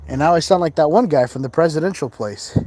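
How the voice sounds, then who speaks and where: Speaking quickly and expressively, a man with a fairly high yet darkish voice hosts a live ghost-hunting stream outdoors among the graves of a cemetery. His exploring is accompanied by casual, rambling chatter, laughs and asides.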